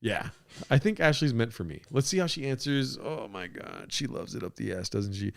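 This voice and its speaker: Excitable, crude podcast host man. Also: mid-range voice, moderate pace, gravelly. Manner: crude, excitable, rambling storytelling. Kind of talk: reaction commentary.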